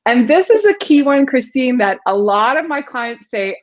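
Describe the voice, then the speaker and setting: A woman's voice: sits high, big pitch swings, moderate pace, muffled recording. A woman guest explaining communication and vocal delivery in an interview, demonstrating her points with her own voice. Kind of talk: instructive interview talk.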